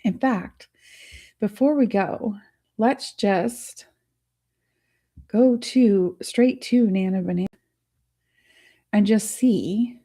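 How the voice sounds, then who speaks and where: A woman's voice: medium pitch, extremely slow, pauses often, warm tone, slightly rough. A woman hosting a live tutorial stream, chatting casually with viewers, laughing often and thinking aloud as she works. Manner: thinks aloud while working on screen. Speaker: host of a live art studio stream.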